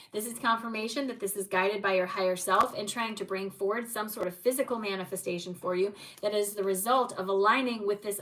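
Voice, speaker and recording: A woman with a bright, clear tone gives tarot and oracle readings live, talking straight to viewers and calling them by name. There is faint noise and some clicking in the background. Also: mid-range voice, recorded from a distance, poor audio. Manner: warm encouraging, talks to viewers by name. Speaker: tarot card reader.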